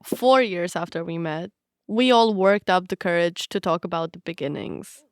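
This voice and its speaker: A young woman from Romania, a native Romanian speaker, giving a reflective, measured scripted narration of her own story. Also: on the low side, smooth, dry recording, studio quality.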